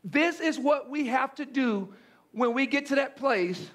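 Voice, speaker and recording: A man's voice: extremely high pitch, measured pace, a bit bright. A man preaching a sermon, repeating phrases with emphasis and stammering restarts as he builds his point. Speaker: pastor.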